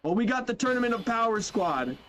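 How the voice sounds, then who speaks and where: A young man giving casual, animated commentary while playing a game, chatting loosely, saying bro and yo, and trailing off mid-sentence. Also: very high voice, a little fast, a little hiss or hum. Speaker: gaming YouTuber. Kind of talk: casual let's-play commentary. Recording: faint game music behind.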